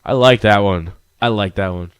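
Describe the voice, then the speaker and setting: A man's voice: on the low side, normal speed, clean tone, no echo. A man with a stuffy nose giving laid-back, joking, profane commentary while playing a game. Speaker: gamer reading a game aloud. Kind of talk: casual let's-play commentary.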